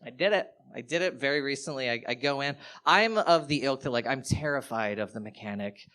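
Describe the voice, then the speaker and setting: A man performs a stand-up set to a live crowd, talking into a handheld stage mic. He tells a story in a loose, animated way, with his pitch leaping as he acts out what other people said. His voice sits at an ordinary middle pitch. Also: fairly quick, clean tone. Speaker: stand-up comedian. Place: live comedy venue, audience laughter.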